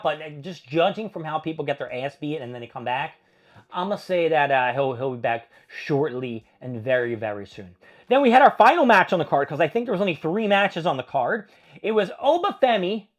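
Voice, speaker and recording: Male host, slightly high voice, casual profane wrestling recapper. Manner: profane, rambling play-by-play with acted-out quotes. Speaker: wrestling show reviewer.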